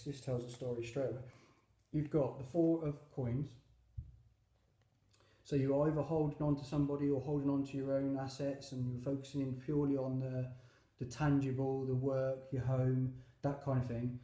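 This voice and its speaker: A man talks through a tarot spread in a loose, chatty way, full of fillers and little asides. His voice is dark and mellow and stays fairly flat in pitch. The sound is roomy, with clear echo around him. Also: normal speed. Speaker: tarot reader. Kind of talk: casual tarot reading.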